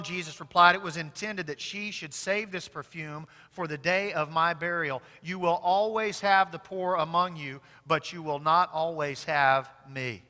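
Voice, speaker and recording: A male pastor preaching a sermon. He swings between loud, emphatic declarations and quiet, intimate asides, in what sounds like a church sanctuary. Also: fairly high pitch, normal speed. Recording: long hall reverb.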